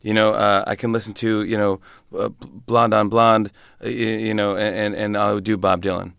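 A man, a comedian, telling a lively story in an interview and acting out other people's voices. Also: lowish voice, normal speed, gravelly, clean tone, no echo, studio quality. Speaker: comedian guest.

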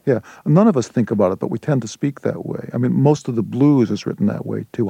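A man, a playwright and translator, answering a radio interview in a halting way with many restarts. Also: medium pitch, gravelly, warm tone, husky, dry recording.

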